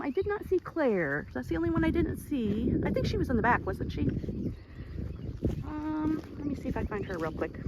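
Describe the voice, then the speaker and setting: A Texan woman vlogging as she walks her ranch, chatty and a little out of breath, switching into a high sing-song baby voice when she talks to her animals. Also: dull audio, heavy background noise. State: slightly out of breath. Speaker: ranch owner. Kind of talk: casual walking vlog. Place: outdoors on a rural ranch property. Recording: outdoor ambience with animal noises.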